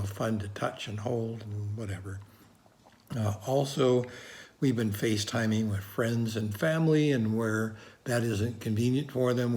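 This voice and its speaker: A man's voice: fairly low pitch, a little mellow, a little hiss or hum. A man co-hosting a casual podcast, easygoing, with dry jokes and frequent uhs. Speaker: podcast co-host.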